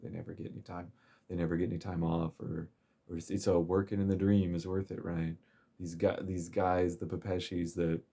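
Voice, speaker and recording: With a low, mellow voice, a man chats his way through a recap of a game's story chapter. He rambles and chuckles, and his speech is full of fillers.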